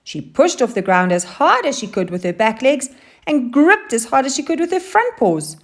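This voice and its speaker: A woman teacher reading a children's story aloud, with expressive and animated delivery. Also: high voice, normal speed. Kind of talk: storybook narration.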